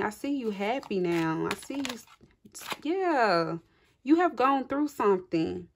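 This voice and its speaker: A woman's voice: a little high, slight background noise. A woman doing a casual tarot reading for her viewers. She speaks effusively and encouragingly, laughs often and addresses the viewers directly. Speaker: tarot reader. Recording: clearly audible card shuffling and clicks.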